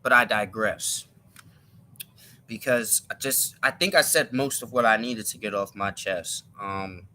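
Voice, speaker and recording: Bright-voiced man ranting on a live stream. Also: fairly low pitch, a little slow, a little hiss or hum. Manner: emphatic, repeats and restarts words. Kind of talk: live-stream opinion monologue.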